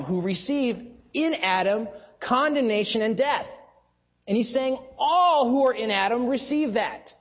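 A man's voice: sits high, husky, lo-fi sound. A man preaching a teaching sermon, emphatic and explanatory, who keeps asking rhetorical questions and answering them. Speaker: pastor or Bible teacher.

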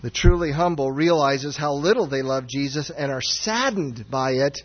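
A man preaching a sermon as pastor, earnest and searching, swinging from raised, near-shouted passages down to low, quiet ones. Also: moderate pace. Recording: dull sound with long hall reverb.

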